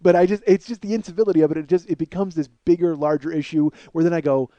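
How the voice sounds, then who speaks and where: A man hosting a comedy podcast, delivering a profane, exasperated rant that swings between loud outbursts and low muttering. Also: fairly even intonation, fast talker, hardly any pauses, no echo, muffled recording. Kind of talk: ranting comedic monologue.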